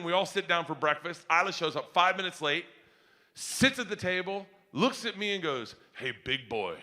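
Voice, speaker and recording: A middle-aged man telling profane stand-up stories, breaking into shouts. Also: high voice. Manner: rowdy, profane storytelling with shouted bursts. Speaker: stand-up comedian. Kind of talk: stand-up comedy routine. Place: stage before a live audience.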